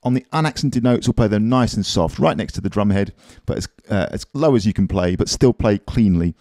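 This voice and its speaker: A man's voice: on the low side, expressive, a little fast, darkish tone, no room sound, studio quality. A man teaching a drum lesson in a casual, encouraging, chatty way, counting beats aloud as he plays.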